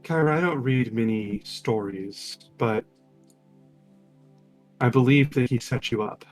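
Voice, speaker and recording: A man voicing a calm, dry sister who speaks in a low, measured way. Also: faint music behind, natural voice.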